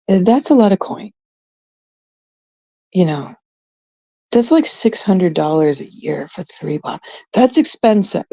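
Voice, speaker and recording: Gravelly low-voiced woman ranting casually. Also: mellow, no echo. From Canada. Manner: blunt, profane, chatty with frequent fillers. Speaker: vlogger. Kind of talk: casual storytelling rant.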